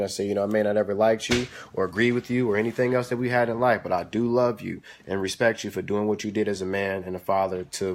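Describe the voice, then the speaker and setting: A young man hosting a casual live stream from home, giving parenting advice and scolding his kids now and then. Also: on the low side. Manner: animated, stern with kids between advice. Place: home kitchen. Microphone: phone or webcam.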